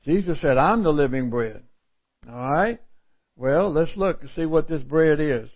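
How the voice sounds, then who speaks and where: Expressive and unhurried, a pastor in middle age reads scripture during his sermon and interprets it in plain, folksy terms, repeating phrases to stress them. His voice is a little high, captured on a dull lo-fi recording.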